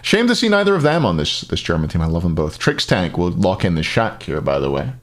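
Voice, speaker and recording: A man's voice: low voice, sing-song, fairly quick. A man casting an esports match on a live stream, rambling between plays and answering chat questions aloud. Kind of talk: casual live-stream commentary.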